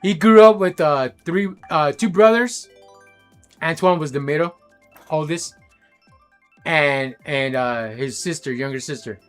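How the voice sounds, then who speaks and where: Animated slangy man streamer, higher voice. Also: measured pace, long pauses, faint music behind. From Los Angeles area. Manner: animated, slangy, swears freely, laughs loudly. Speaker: game streamer. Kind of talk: casual storytelling chat while gaming.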